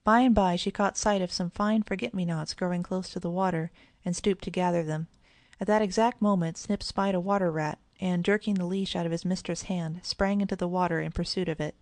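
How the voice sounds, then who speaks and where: Woman narrator for a children's audiobook, lowish and gravelly, dry close sound. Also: steady tone, fairly quick, a little mellow, dry recording.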